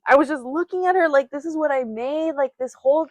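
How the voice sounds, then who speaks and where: A young woman talks through a personal story in a relaxed, chatty way, laughing often and acting out what others said. Her voice sits a little high, and the recording is dry and close. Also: fast, dry recording. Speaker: podcast co-host. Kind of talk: casual chat.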